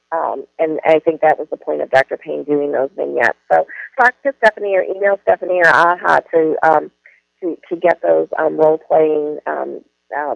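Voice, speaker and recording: A woman's voice: lowish voice, creaky, no echo. A woman trainer giving a webinar talk, rambling with many fillers and restarts. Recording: dull lo-fi online audio.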